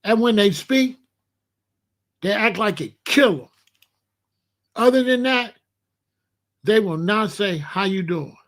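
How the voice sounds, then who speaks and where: A man's voice: high-pitched, expressive, takes it slowly, pauses often, fairly bright tone. A man from Chicago hosting a blunt, profane commentary rant. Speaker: host.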